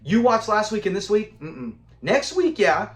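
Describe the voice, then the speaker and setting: A man casually reviewing a classic sitcom episode, animated and laughing often as he acts out scenes. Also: high voice, measured pace, reverberant. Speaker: show reviewer.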